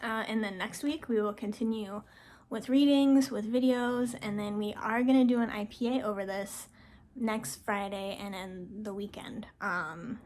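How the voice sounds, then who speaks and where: A woman's voice: fairly high pitch, moderate pace, a little mellow. A woman French teacher going over the week's assignments in a casual recorded announcement, with frequent ums and firm reminders.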